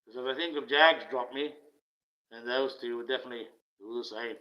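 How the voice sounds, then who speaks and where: A man hosting a livestream in a casual rant, profane and sarcastic, swinging from loud outbursts to mutters, on dull lo-fi audio. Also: mid-range voice, fairly even intonation, fairly quick. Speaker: livestream host.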